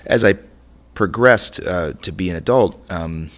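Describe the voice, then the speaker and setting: In an easygoing interview, a middle-aged man who cooks and owns a restaurant speaks unhurriedly in a low-pitched voice. His storytelling is animated but rambling, with frequent restarts.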